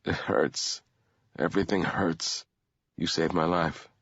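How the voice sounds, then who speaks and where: A man's voice: low voice, steady tone, takes it slowly, a bit bright, husky, no room sound, pitched below the performer's own voice, full character voice. A man voicing a weak, half-frozen young man who speaks in a strained, subdued way in an audiobook. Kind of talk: audiobook character voice. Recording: dull lo-fi dry recording.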